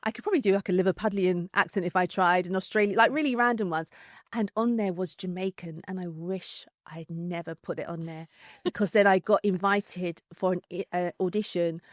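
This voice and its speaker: A woman with a London accent, a podcast guest telling a story in casual chat, animated, laughing often, with many fillers and restarts. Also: lowish voice, fairly quick, no room sound, clean studio sound.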